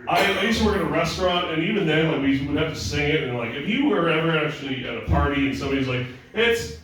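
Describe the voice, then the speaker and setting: A male stand-up comedian ranting in a profane, deadpan way at a live show, sometimes mocking other people's voices. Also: fairly high pitch, racing, distant mic. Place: small club with audience laughter. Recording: very echoey room, voice off-mic.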